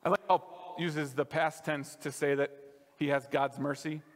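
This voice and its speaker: A man's voice: a little high, steady tone, moderate pace. Man, pastor, conversational sermon, echoing sanctuary. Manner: conversational preaching, drops softer on key lines. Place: church sanctuary.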